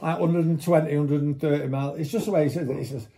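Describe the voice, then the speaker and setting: A man with a dark, mellow voice spins a rambling road-trip anecdote in easy conversation. He swears often and slips into the voices of the people he quotes. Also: on the high side, fairly even intonation, quick pace, a little hiss or hum. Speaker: storyteller. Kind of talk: casual anecdote.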